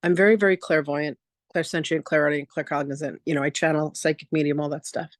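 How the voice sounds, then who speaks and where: A woman's voice: low-pitched, quick pace, dry recording, clean studio sound. Chatty woman telling a story. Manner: chatty, animated, acts out quotes in a lively voice. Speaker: spiritual teacher hosting a free online masterclass. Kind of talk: casual storytelling on a live video session.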